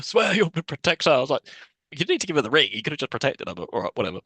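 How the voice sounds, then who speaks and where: A man co-hosting a film podcast, retelling scenes in a casual, animated and incredulous way, swearing freely. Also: fairly high pitch, rapid-fire, dry recording. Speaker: podcast co-host. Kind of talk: casual film review chat.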